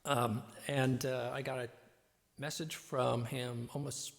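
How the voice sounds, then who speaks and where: A man hosts a live-stream show and rambles along, his talk full of fillers. His voice has a gravelly, creaky edge. His audio is drenched in long reverb, as if he were speaking from down a hallway. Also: mid-range voice, little pitch movement, slow pace. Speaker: host and musician. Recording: reverb-heavy echoey audio.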